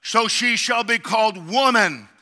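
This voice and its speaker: A middle-aged man delivers a sermon with a high, very bright and forceful voice. He preaches in waves, climbing into shouted emphasis and calls to his congregation. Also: measured pace. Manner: preaching with rising shouted emphasis and call-outs. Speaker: pastor.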